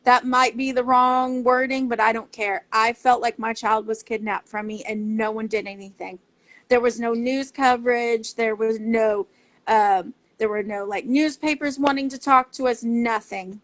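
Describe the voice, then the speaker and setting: A woman's voice: fairly high pitch, steady tone, normal speed, fairly bright tone. A woman speaking earnestly and passionately as a parent advocate in a casual talk to camera. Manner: earnest, impassioned, heartfelt.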